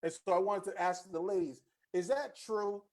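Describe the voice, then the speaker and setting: A man's voice: sits high, moderate pace, a little mellow. A man hosting a casual podcast chat, slangy and talkative, often repeating his words as he tells a story. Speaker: podcast host.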